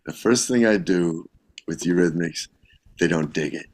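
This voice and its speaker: A man, a guest musician, telling a lively anecdote in casual conversation, acting out the people he quotes. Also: deep voice, unhurried. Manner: animated anecdote-telling with laughs and quoted voices. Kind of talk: casual storytelling.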